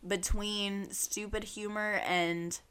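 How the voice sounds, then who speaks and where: A woman co-hosting a podcast in casual chat, deliberate and giggly. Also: mid-range voice, flat delivery, a bit bright, clean tone. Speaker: podcast co-host.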